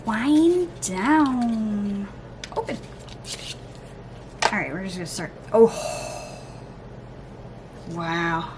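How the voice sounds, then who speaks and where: A woman vlogger chatting casually through an unboxing, gushing, gasping and cooing with excitement. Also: on the low side, slow pace, pauses often, background noise. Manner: gushing, excitable, lots of gasps and oohs. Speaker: beauty vlogger.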